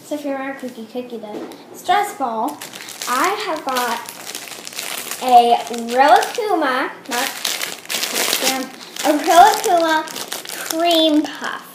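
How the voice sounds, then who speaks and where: Young female toy vlogger, bright high voice, breathless excitement, roomy home recording. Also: slow pace. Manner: gushing, breathless excitement with frequent exclamations. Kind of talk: excited unboxing vlog. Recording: echoey room with clear background noise.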